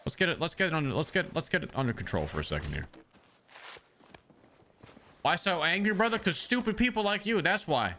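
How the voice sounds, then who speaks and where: High, lively, foul-mouthed gaming streamer. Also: male voice, brisk, long pauses, a little hiss or hum. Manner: profane, trash-talking, exasperated rants. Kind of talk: live gameplay commentary.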